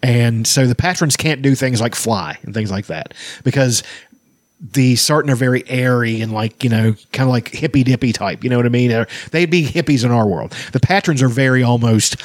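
A man's voice: mid-range voice, a little fast, no echo, clean studio sound. A man in casual chat, rambling and swearing freely, with many restarts and fillers.

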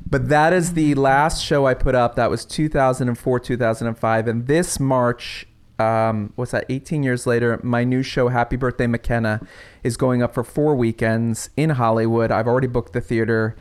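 A man's voice: mid-range voice, steady tone, moderate pace, smooth. A man in an easygoing podcast chat tells the story of his stage comedy. He jumps into the characters' lines as he goes and laughs a lot along the way. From United States. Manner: acts out his characters' lines in quoted voices, laughs often. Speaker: playwright guest.

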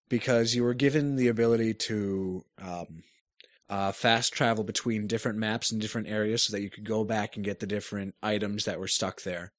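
A man in casual chat, describing a game at length and searching for words. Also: lowish voice. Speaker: podcast co-host reviewing a game.

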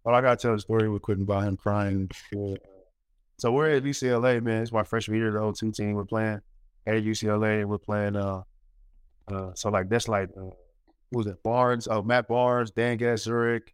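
Man, storyteller, low voice, smooth and clear, lively delivery, many fillers. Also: moderate pace, no echo. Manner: animated storyteller, many fillers, acts out quotes. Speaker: former college basketball player, guest. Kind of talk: casual storytelling interview.

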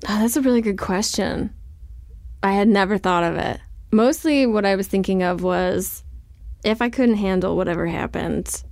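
Here a woman writer, interviewed as a guest, talks in a darkish mid-range voice at a moderate pace, with no echo. She's open and chatty, peppering her speech with "like" and a dry, self-mocking wit.

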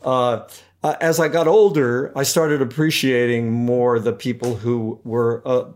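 An older man, an actor, looks back on his early years in a conversational interview. He talks with many false starts and small laughs, and his voice sits at an ordinary male pitch. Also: steady tone, a little mellow. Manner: halting, restarts often, chuckles while recalling. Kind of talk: relaxed career reminiscing.

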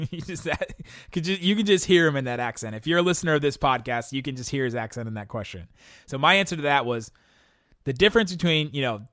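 A young man hosts a casual podcast, working through listener questions in a loose, rambling way. He laughs often, restarts his sentences and leans on fillers. His voice sits at an ordinary middle pitch and sounds dry and close to the mic. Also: lively intonation, fast talker, bright, forceful tone, no echo. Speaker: podcast host.

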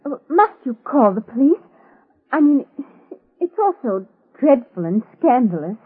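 A woman's voice: high-pitched, sing-song, a little slow, breathy edge, full character voice. An actress playing an anxious, fragile young woman in a 1950s radio drama, breathless and pleading. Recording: tinny old radio broadcast.

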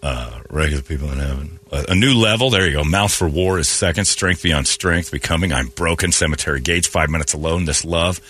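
A man hosting a morning radio show, telling stories in a jokey, animated way. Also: a bass voice, fairly quick, hardly any pauses, husky. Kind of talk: casual radio banter.

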